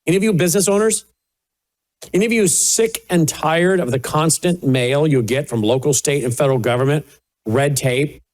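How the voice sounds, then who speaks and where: A man's voice: fairly high pitch, normal speed, darkish tone. A man hosting a political commentary show, talking indignantly and with sarcasm over played clips. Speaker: host.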